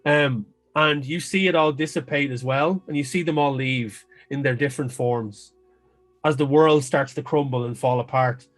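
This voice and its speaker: A man running a fantasy tabletop game, narrating scenes at an ordinary pitch. His storytelling is descriptive and unhurried, and he now and then stops to restart a phrase. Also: fairly even intonation, faint music behind. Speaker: game master.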